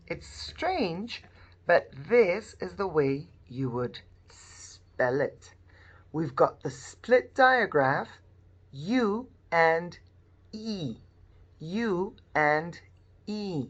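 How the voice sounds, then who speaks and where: A woman's voice: fairly low pitch, highs cut off. A woman teaching a phonics lesson to young children, modelling sounds in a sing-song, exaggerated way. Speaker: primary school teacher.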